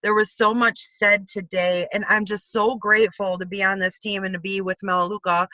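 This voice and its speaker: Woman host, bright and forceful; enthusiastic motivational call, dull dry lo-fi audio. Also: medium pitch, normal speed, no room sound. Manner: enthusiastic, exclamatory, animated quoting. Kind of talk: upbeat motivational talk.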